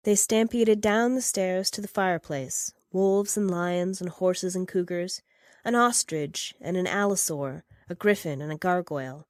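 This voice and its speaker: A woman narrating first-person fiction in a steady, measured reading. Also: fairly low pitch, dry recording, clean studio sound.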